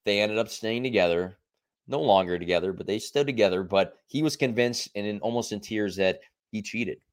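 A young adult man co-hosting a podcast and telling stories in a casual, animated way, acting out the quoted lines. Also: lowish voice, fairly quick. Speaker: podcast co-host. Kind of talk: casual storytelling chat.

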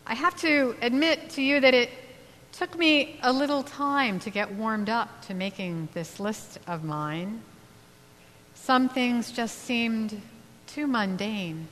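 Woman giving a sermon in a church, slow thoughtful pauses, faint hum behind her. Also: fairly high pitch. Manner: slow, reflective, with gentle pauses. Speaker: minister. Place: church sanctuary. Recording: long hall reverb, faint hum.

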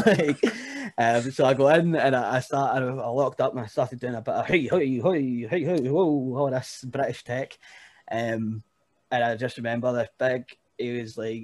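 A man's voice: mid-range voice, no room sound. A young Scottish man, a guest wrestler, telling stories in a rambling, laughing way and often saying "you know what I mean". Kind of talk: casual podcast chat.

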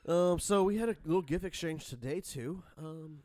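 A man's voice: a little high, moderate pace, mellow, no room sound. A man co-hosting a podcast, chatting casually and joking with his co-host at a studio microphone. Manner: jokey, teasing. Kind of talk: casual chat.

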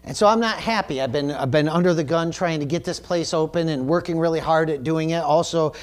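A man's voice: on the high side, brisk. A male pastor preaching a sermon, telling a personal story in a candid, self-deprecating way. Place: church service.

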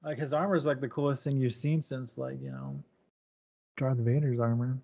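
A man's voice: mid-range voice, fairly even intonation, moderate pace, warm tone. Man, casual podcast chat, laid-back, short replies, lo-fi muffled audio. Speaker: podcast co-host.

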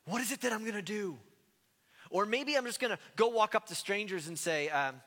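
A man from the United States preaching a sermon in a conversational, self-deprecating way, with animated asides. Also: high-pitched, normal speed, long pauses, big-room sound. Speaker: pastor.

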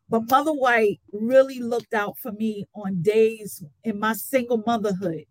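A woman guest on a casual live-stream chat, telling stories warmly and from the heart. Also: fairly high pitch, steady tone, unhurried, few pauses, no echo, poor audio. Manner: warm, storytelling, heartfelt.

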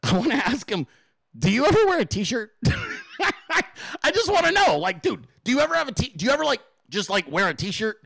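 A man hosting a casual solo talk show, excitable and rambling, swearing freely and full of fillers. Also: extremely high pitch, moderate pace, vocal fry, slightly rough, no room sound. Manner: excitable, profane, rambling with many fillers and laughs. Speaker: podcast host.

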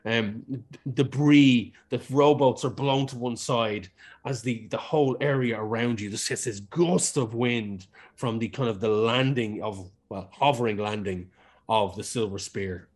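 A man's voice: mid-range voice, measured pace. A man narrating as game master in a casual way, with restarts and the odd swear word.

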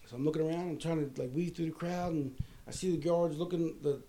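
A man with a notably high voice for a guy tells a rowdy personal story in loose conversation. He is crude and animated, peppering his talk with curses and laughter. He comes from Maryland. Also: fast talker, slight background noise. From Maryland, USA. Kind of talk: casual profane anecdote telling.

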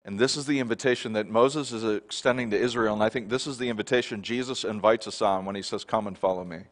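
A man's voice: steady tone, fast. Middle-aged male pastor preaching a sermon. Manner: builds from soft and low to loud emphatic declarations; asks the congregation repeated rhetorical questions.

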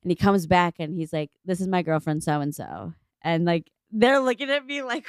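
Young woman telling a story, lively and swearing. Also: moderate pace, clean tone, dry recording, studio quality. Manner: animated storyteller, acts out quotes with big pitch jumps, swears freely. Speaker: podcast co-host. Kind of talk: casual chat.

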